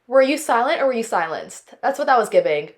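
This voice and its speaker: A young woman in her twenties hosts a podcast, her fairly high voice brisk as she chats casually about dating stories. She's expressive and dramatic, acting out the people in them.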